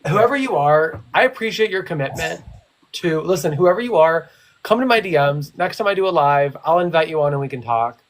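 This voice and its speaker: A young man talks on a livestream video call, telling stories in an animated way and acting out what others said. His voice sits a bit high for a man. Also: fairly quick. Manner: animated storyteller, teasing, acts out quotes. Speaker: livestream co-host, former reality show contestant. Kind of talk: casual group chat on a livestream.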